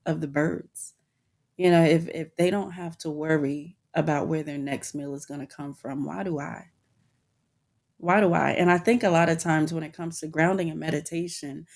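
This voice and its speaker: Low gravelly woman, candid chat. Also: darkish tone. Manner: candid, informal, addresses listeners as y'all, many restarts. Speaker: podcast host. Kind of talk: personal reflective monologue.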